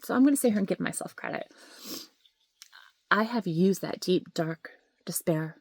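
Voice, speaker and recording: Her mid-range voice is animated and slightly rough, with vocal fry, at a moderate pace, and the recording is dry. She's at home, speaking candidly to a handheld camera or phone about grief, emotional and meandering, at times barely above a whisper.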